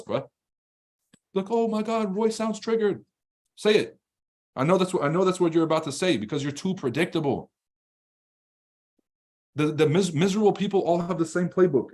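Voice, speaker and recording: A man hosting a live trading stream and reading chat, talking in a blunt, profane, combative way. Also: a little high. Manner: fast, rambling and animated when ranting. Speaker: livestream trading host.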